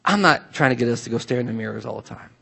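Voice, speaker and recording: A man's voice: medium pitch, expressive, racing, gravelly, pushed and bright, breathy edge. A man preaching a sermon as pastor, talking conversationally and emphatically, repeating his key phrases.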